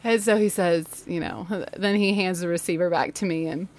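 Animated woman telling a classroom story. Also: lowish voice, normal speed. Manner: animated, laughs often, acts out voices. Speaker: podcast host and former teacher. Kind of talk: storytelling monologue. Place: laundry room home studio.

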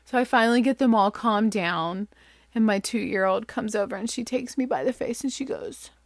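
A woman in her thirties, a mother telling a funny story in a casual, animated, self-deprecating way. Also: normal speed, no room sound. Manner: animated, self-deprecating, acts out quotes in high voices.

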